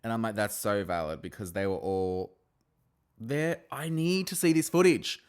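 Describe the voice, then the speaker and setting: A man with a lowish, smooth voice at normal speed hosts a podcast, recapping a reality show in casual conversation. He's chatty and animated, swearing and laughing often as he acts out the cast's quotes.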